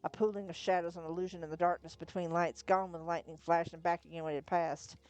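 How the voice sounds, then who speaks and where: A woman's voice: fairly low pitch, quick pace, dry recording. Woman narrating a novel live. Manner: steady storytelling with occasional slips and self-corrections. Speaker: narrator, reader. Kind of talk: live reading of a novel, first-person narration.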